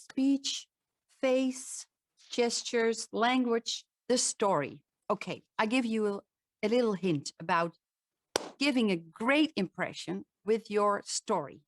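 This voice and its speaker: A woman with a Dutch accent, a voice coach giving a lively presentation and often correcting herself mid-sentence. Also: mid-range voice, no echo. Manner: lively, animated, with restarts and self-corrections. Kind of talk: presentation talk to an audience.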